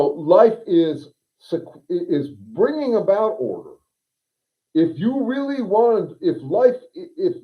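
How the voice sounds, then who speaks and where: A livestream host and consultant with a fairly high voice thinks out loud, wandering off topic and restarting sentences as he goes. He sounds wry and unscripted, reading viewer comments aloud, and his audio is thin and phone-like.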